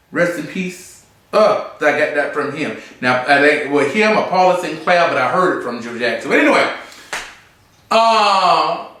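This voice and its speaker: A man chatting through a review in a campy, sassy manner, his voice high and bright. It rings out in a very echoey room, picked up from a little way off the mic. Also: far from the mic. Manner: campy, sassy, animated, full of asides and mimicry. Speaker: drag show reviewer. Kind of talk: casual review chat. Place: room, seated on a stool.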